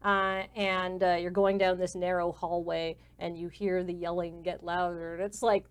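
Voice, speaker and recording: A woman's voice: on the low side, little pitch movement, moderate pace, few pauses, clear, resonant tone. A woman narrating a tabletop game as game master in a casual, descriptive way. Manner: casual, descriptive, many fillers.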